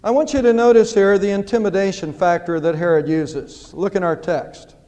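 A man's voice: high voice, moderate pace, dark tone. A male pastor preaching an earnest sermon in church, quoting scripture. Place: church sanctuary. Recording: long church hall reverb.

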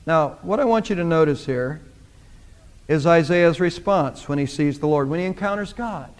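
A man's voice: fairly high pitch, lively intonation, normal speed. A man preaching a sermon, speaking emphatically and repeating phrases for emphasis. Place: church sanctuary. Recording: long church reverb.

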